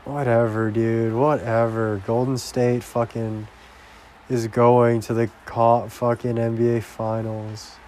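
Slow-talking, foul-mouthed young man ranting. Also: medium pitch, little pitch movement. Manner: profane, loud exasperated outbursts; rambling and crude. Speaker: vlogger. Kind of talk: casual video diary rant.

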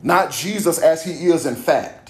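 A man's voice: a little high, expressive, measured pace, a little mellow. A man preaching a sermon in a blunt, plainspoken, emphatic way, reading from scripture between his points. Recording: echoey room.

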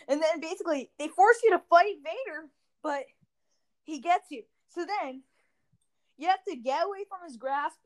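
Brief: female podcast host, high bright pitch, rambling jokey recap, casual. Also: rough recording. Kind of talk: casual game review chat.

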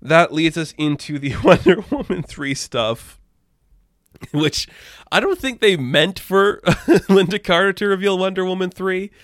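A man's voice: high-pitched, animated, unhurried, a bit bright, no echo, studio quality. A man giving casual, opinionated comic book news commentary, rambling a little and laughing often. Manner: rambling asides. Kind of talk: casual pop-culture commentary.

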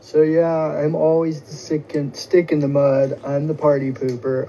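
A man's voice: on the high side, level tone, normal speed, few pauses, mellow, highs cut off. A man telling a profane, rambling first-person comic story in a casual way, full of fillers. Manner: crude, profane, casual, full of "you know".

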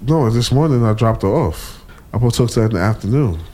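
A man co-hosting a casual podcast, his pitch leaping all over as he acts out stories. He is blunt and profane, and he brings his kids' voices to life while he talks. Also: lively intonation, fast talker, mellow. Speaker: podcast co-host. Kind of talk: casual chat.

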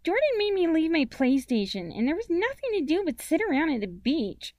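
A woman's voice: sing-song, brisk, no echo, clean studio sound. A woman voicing a whiny, demanding nine-year-old girl, the younger sister. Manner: whiny, shrill, loud.

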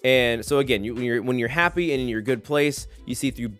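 A man around thirty hosting a solo podcast, rambling in a jokey, animated way. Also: medium pitch, fairly quick, soft background music. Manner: rambling, animated, jokey, slips into silly voices. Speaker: podcast host.

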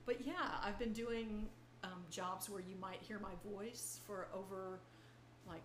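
An older woman, a veteran voice actor, chatting as a podcast guest in a relaxed, good-humored way. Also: mid-range voice, unhurried. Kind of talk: casual chat. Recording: echoey room with faint noise.

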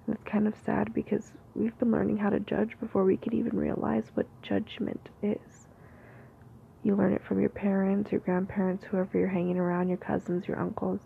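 Whispering woman with heavy vocal fry. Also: medium pitch, level tone, a little fast, few pauses. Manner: unscripted, free-flowing musing. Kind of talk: whispered ASMR talk. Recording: tinny phone-like audio with faint hiss.

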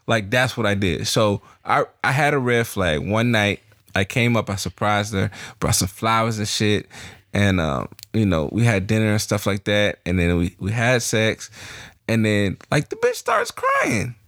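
A young adult man co-hosting a podcast, telling animated, profane personal stories in casual chat. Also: lowish voice, moderate pace, no echo, clean studio sound. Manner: animated storyteller, swears freely. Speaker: podcast co-host.

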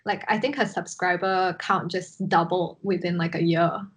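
A woman's voice: fairly low pitch, steady tone, moderate pace. A woman chatting casually on a podcast, often mimicking others in a raised voice. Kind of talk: casual chat.

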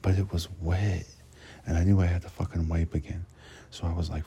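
Deep gravelly man rambling crudely. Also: level tone, brisk, warm tone, slight background noise. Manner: rambling, crude and profane, frequent restarts. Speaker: truck driver. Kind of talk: casual rambling storytelling monologue.

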